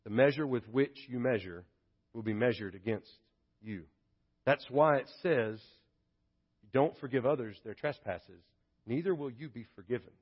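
A man preaching a sermon as a pastor, swinging from hushed, reflective passages to loud, emphatic ones. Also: mid-range voice, slightly rough. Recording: dull lo-fi sermon audio.

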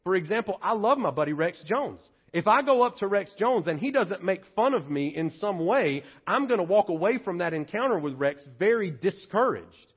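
A man's voice: high-pitched, lively intonation, moderate pace, husky, highs cut off. A male pastor preaching a sermon in a conversational, playful way, often acting out quotes in comic voices.

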